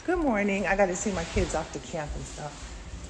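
A woman's voice: fairly low pitch, normal speed, background noise. A woman in her forties chatting casually to viewers from home in the morning, rambling with many ums, speaking into a phone she holds in her hand. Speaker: vlogger. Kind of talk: casual live chat to viewers. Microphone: phone held in hand.

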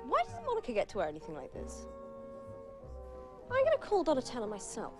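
Actress as a gushing stylist; high, wildly animated voice over music. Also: female voice, brisk. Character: gushing female costume stylist. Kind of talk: film acting.

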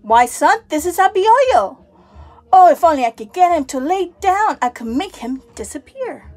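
A woman voicing a magician father who calmly plots a trick in a read-aloud tale. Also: very high voice, moderate pace, faint music behind, voice pushed up. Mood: scheming. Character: scheming magician father, grown man.

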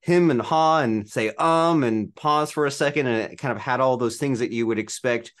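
A man's voice: mid-range voice, moderate pace. A man hosting a podcast, chatting casually and peppering his speech with "like" and restarts. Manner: filler-heavy, says "like" constantly. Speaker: podcast host. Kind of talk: casual interview chat.

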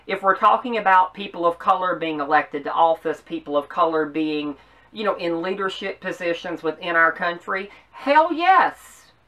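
A woman from the American South with a Southern accent, hosting an opinion commentary with earnest, emphatic delivery and measured pauses. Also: lowish voice, bright, forceful tone, distant mic. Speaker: host.

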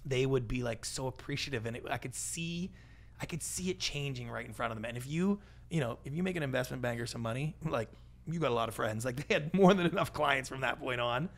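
A man speaking as a guest in a conversational podcast interview, an animated storyteller with a big, energetic personality who acts out what people said. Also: medium pitch, fairly quick. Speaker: guest, pitch coach and TV producer.

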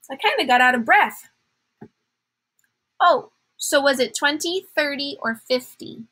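A woman's voice: on the high side, moderate pace, vocal fry, a bit bright, slightly rough, poor audio. A woman teacher giving a patient math lesson to young children, counting aloud in a sing-song way.

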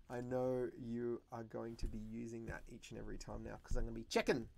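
A man hosting a drawing livestream for kids, talking in a playful, animated and jokey way as he teaches. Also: mid-range voice, measured pace, gravelly.

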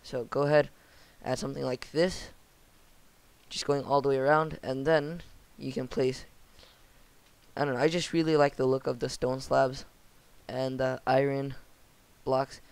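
A young man guides viewers through a game building tutorial in a flat monotone. His voice is gravelly yet smooth and clear. It is recorded close and dry, with no room sound. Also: medium pitch, a little slow, dry recording. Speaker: channel host.

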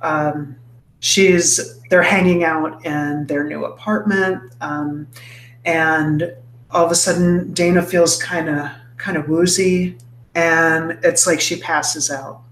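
A woman's voice: low voice, steady tone, takes it slowly, a bit bright. Chatty woman in an echoey room. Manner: rambling retelling with many fillers and restarts. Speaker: podcast co-host. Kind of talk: casual book-club chat. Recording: roomy echo, faint background noise.

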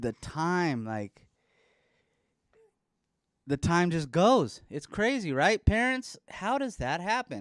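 A podcast host in his thirties, from the Bay Area in California, rambles through a casual chat show with jokes, swearing, and baby talk for his son. He speaks on the high side with a clean tone, recorded on a studio microphone with clean studio sound and no room sound.

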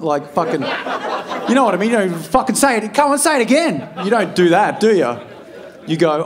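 An Australian man doing a stand-up set, telling stories in a loose, profane, animated way and acting out what people said. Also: high-pitched, a little fast. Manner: profane, animated storytelling with acted-out quotes. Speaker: stand-up comedian. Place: comedy club stage before a live audience. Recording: live club crowd audible. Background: audience laughter.

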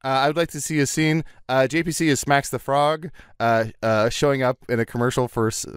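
A man co-hosting an improv comedy podcast, giggly and halting as he sets up riddles and scenes. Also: medium pitch, steady tone, smooth, no room sound, studio quality. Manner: giggly, halting, many fillers. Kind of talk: casual comedic banter.

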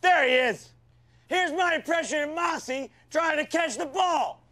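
A man playing a foul-mouthed, hot-tempered football coach in a comedy sketch, yelling insults at his players. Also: very high-pitched, lively intonation, unhurried, exaggerated voice. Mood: ranting.

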